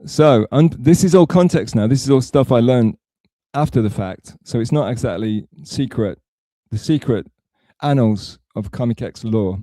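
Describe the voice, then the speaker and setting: A man's voice: mid-range voice, lively intonation, moderate pace, mellow, no room sound. A man from England talking on a livestream, rambling and self-mocking, with a sarcastic, digressive way of telling a story. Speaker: streamer.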